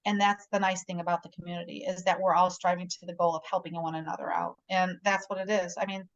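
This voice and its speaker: A woman's voice: fairly low pitch, little pitch movement, quick pace, vocal fry, muffled recording. Chatty middle-aged woman on a video call. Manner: chatty storyteller, often asks "right?". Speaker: guest realtor. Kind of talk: casual conversation.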